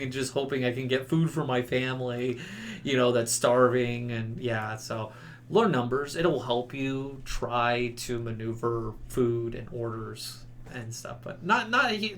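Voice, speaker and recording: Amid slight background noise, a man on a podcast shares trip stories casually, his mid-range voice at a measured pace. He performs the quotes and laughs throughout, an animated storyteller.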